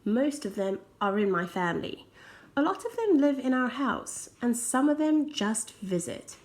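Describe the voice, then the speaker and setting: A woman reading a children's picture book aloud in a slow, unhurried way. Her voice sits fairly high, and she drops into soft whispered asides for effect. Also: big pitch swings. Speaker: storybook reader.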